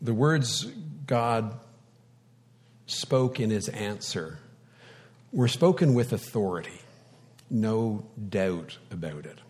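A man preaching a sermon in a conversational way, with light humor, dramatic pauses and wide swings in loudness. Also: lowish voice, lively intonation, big-room sound.

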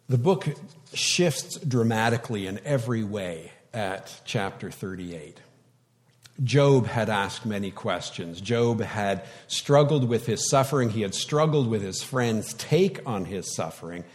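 A male pastor preaching a sermon in a slow, reflective way, with sudden loud words for emphasis. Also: fairly low pitch. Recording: long hall reverb.

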